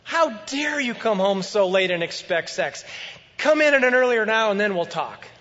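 A man's voice: sits high, big pitch swings, moderate pace, pushed and bright, big-room sound, highs cut off, pitched above the performer's own voice, full character voice. A man voicing an exasperated, tired young wife who scolds her husband in an indignant tone.

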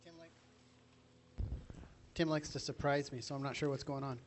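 A man's voice: medium pitch, fairly even intonation, moderate pace, slight background noise. Man hesitantly making a church announcement. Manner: hesitant, filler-heavy. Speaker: church member giving announcement.

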